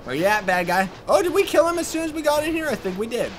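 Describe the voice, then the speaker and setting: A man doing let's play commentary, loud and excitable, often yelling at enemies. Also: very high voice, fast talker, a little hiss or hum.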